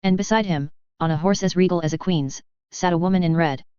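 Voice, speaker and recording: A woman reading a fan fiction story aloud with steady storytelling. Her voice is low-set and exceptionally clear, and the recording is dry with a slightly dull top end. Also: brisk, dry recording. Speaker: reader. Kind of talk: fan fiction audiobook narration.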